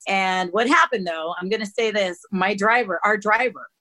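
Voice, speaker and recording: A woman's voice: mid-range voice, moderate pace, pushed and bright, poor audio. A woman in a touring band chatting casually, rambling and searching for words with many fillers. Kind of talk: casual chat.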